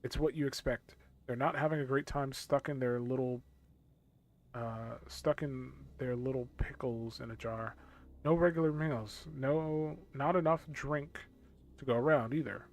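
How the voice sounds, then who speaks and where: Gruff, tired town guard for a game, read by a man: gravelly and grumbling. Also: mid-range voice, unhurried, natural voice. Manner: world-weary, grumbling.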